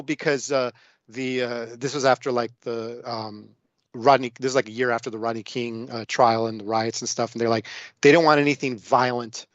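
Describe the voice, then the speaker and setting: Male podcast guest, mid pitch, meandering storyteller, dry muffled recording. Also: no room sound. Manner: rambling storytelling with many fillers. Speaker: guest film discussant. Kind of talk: casual podcast film chat.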